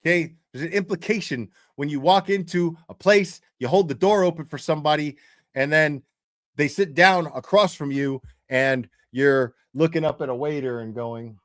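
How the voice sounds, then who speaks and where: A man's voice: fairly high pitch, moderate pace, no room sound, studio quality. Crude, emphatic man ranting. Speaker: commentary host. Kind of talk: profane rant commentary.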